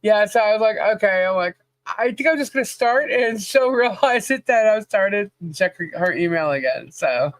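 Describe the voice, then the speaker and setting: A woman's voice: medium pitch, animated, normal speed, dry recording. A woman co-hosting a casual livestream podcast, chatty, laughing often and greeting viewers by name. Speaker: podcast co-host.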